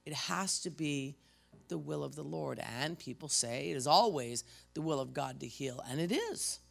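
A woman pastor giving a conversational sermon, telling personal stories and sometimes dropping to a hush for effect. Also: sits low, animated, normal speed, creaky.

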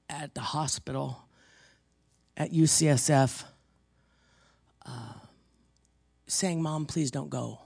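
A woman in her sixties preaching, rambling through personal stories and swinging from hushed to emphatic. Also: a bass voice, creaky, no room sound, clean studio sound.

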